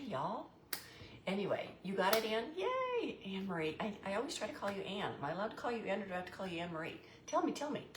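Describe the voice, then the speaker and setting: A middle-aged woman, chatting casually as host of a craft livestream and greeting viewers by name. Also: medium pitch. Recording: echoey room with faint noise.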